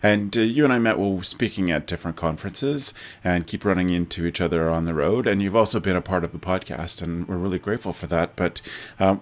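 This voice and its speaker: A deep-voiced man introducing a new show for a podcast network. He speaks in a measured, deliberate way, his voice sitting low for a man.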